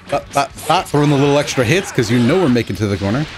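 A young man giving excitable, joking commentary over his own fighting-game matches, yelling at big moments. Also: medium pitch, normal speed. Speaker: gaming channel host. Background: game music.

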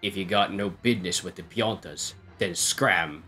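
A man voicing a menacing male mob boss in a video game, with a slow, loud gangster growl in an odd mock accent. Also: mid-range voice, soft background music, lightly acted. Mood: threatening.

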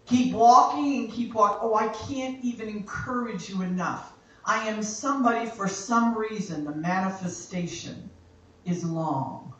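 A woman worship leader giving a spoken exhortation in a church, slow and emphatic, repeating her phrases for effect. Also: mid-range voice. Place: church sanctuary. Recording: very echoey church hall from far off.

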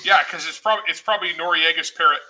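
Boisterous high-voiced bright man. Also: fast talker, rough recording. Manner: boisterous, laughs often, jokes loudly. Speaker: guest author. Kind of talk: casual livestream chat.

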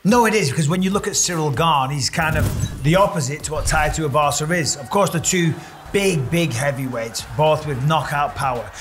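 Higher-voiced male fight pundit. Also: normal speed. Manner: animated, jokey, breaks down fighters' styles. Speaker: fight analyst. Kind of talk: pundit chat on a sports preview show.

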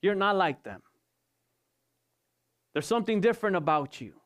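A man's voice: sits high, big pitch swings, moderate pace. A male pastor giving an evening sermon, asking rhetorical questions and repeating his points for emphasis. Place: church service.

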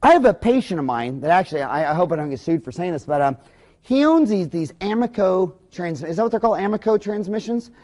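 A man with a high voice for a male speaker delivers a recorded business lecture as a dentist. He talks in a rambling, blunt, folksy way, jumping from one anecdote to the next. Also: animated, fast, dark tone.

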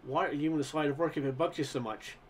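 A man voicing a gruff, steady middle-aged bartender who talks plainly and bluntly. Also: a little high, quick pace, a little hiss or hum, lightly acted.

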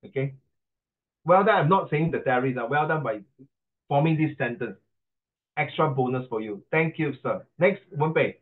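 A man's voice: on the high side, animated, moderate pace, pauses often. A middle-aged man with a Singaporean English accent, coaching pronunciation in an online class, chatty and teasing, slipping into Mandarin. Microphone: video call. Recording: tinny video call line.

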